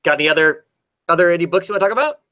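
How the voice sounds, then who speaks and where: A comics-review podcast co-host races through a casual recap of a comic story in a fairly high, bright, forceful voice. He's animated and rambling, with plenty of fillers and restarts.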